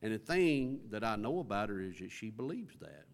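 A man's voice: on the low side, very animated, moderate pace, vocal fry. A middle-aged man preaching a conversational sermon in a folksy, storytelling way, acting out quoted lines from scripture.

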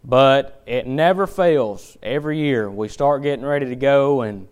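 A man preaching a sermon, with folksy storytelling and emphatic, animated delivery. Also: mid-range voice, unhurried.

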